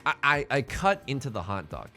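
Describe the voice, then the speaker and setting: A young man giving casual, rambling commentary as he plays a tile game, excitable and self-deprecating, often repeating his words. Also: medium pitch, moderate pace, soft background music. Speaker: let's play host.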